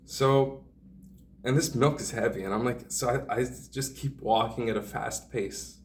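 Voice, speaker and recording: A man with a somewhat low voice tells a rambling personal story, drifting into sardonic, hedging asides. He sounds a little distant from the microphone. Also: measured pace, gravelly, slight background noise. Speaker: vlogger.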